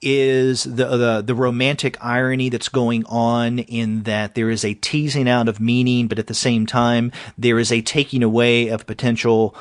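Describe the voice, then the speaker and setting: A man co-hosting a comics review podcast, analyzing a story in a measured way with hesitant fillers. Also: medium pitch, flat delivery, clear, resonant tone, dry recording. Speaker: podcast co-host. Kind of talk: casual comics review discussion.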